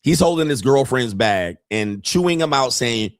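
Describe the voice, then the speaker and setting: A man's voice: medium pitch, expressive, moderate pace, no echo, studio quality. A man hosting a casual commentary show, reacting to clips in a profane, mocking way and laughing often. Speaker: host.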